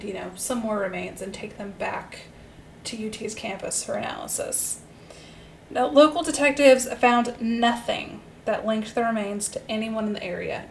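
With a fairly high, creaky voice, a woman serves as co-host and storyteller on a casual true-crime podcast, relating a case upbeat and chatty with many fillers. Roomy echo and faint hiss color the recording.

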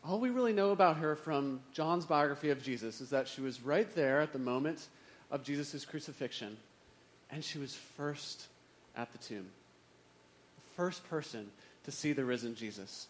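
A man's voice: fairly high pitch, moderate pace, slight background noise. A man preaching in a conversational way, with wry, self-mocking asides. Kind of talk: sermon.

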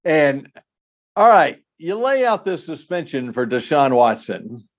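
Brief: male sports co-host, animated pitch, higher voice, conversational. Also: a little slow. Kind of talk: casual sports talk.

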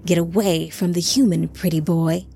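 A woman voicing a scorched, monstrous fallen male creature who taunts in a slow, rasping voice. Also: fairly low pitch, steady tone, dark tone, soft background music. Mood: mocking.

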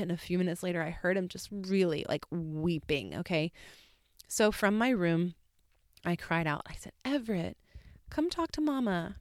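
Chatty mom telling a story, smooth voice. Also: female voice, fairly low pitch, dry recording, clean studio sound. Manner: chatty, rambling, warmly emphatic with many fillers. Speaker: podcast host. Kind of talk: casual storytelling monologue.

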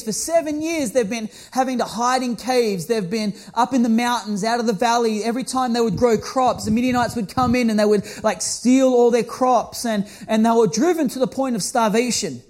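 Man, very high voice, pastor, storytelling sermon, self-mocking, animated. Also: brisk, few pauses.

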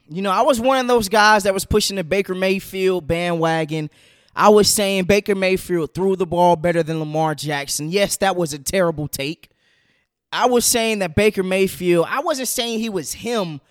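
A man's voice: sits high, fairly bright tone, dry recording, clean studio sound. A man giving his opinions on football trades in a casual, opinionated monologue with loose slang. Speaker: sports commentator. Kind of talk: casual sports opinion talk.

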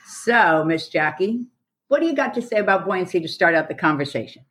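A woman who teaches karate, hosting a casual group conversation on a podcast, enthusiastic and quick to laugh. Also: fairly low pitch, lively intonation, fairly bright tone. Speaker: karate instructor and podcast host.

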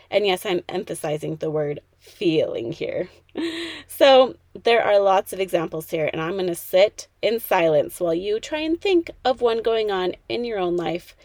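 A woman's voice: mid-range voice, darkish tone, no echo. A woman in her thirties hosting a motivational podcast, talking in a peppy, chatty way straight to the listener. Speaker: podcast host.

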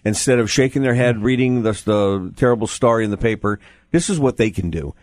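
Middle-aged male radio host, fairly low voice, dry studio sound, steady delivery. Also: a little fast, no room sound. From United States. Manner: steady, guiding, reads out promos. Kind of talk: radio talk show interview.

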